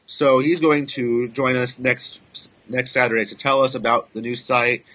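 Male podcast co-host, bright husky voice, casual and chatty. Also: medium pitch, steady tone, normal speed. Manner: chatty, laughs easily, loose restarts. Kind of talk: casual tech podcast chat.

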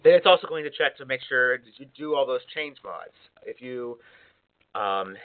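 A man talking informally through a software setup tutorial, rambling a bit with fillers and self-corrections. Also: mid-range voice, animated, normal speed. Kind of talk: casual screencast walkthrough. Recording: phone-like narrow band.

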